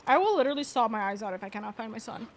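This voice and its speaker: High-pitched young woman, gushing streamer chat, repeats herself, faint rain behind. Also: expressive, rapid-fire. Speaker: VTuber streamer. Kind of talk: casual chat to livestream viewers.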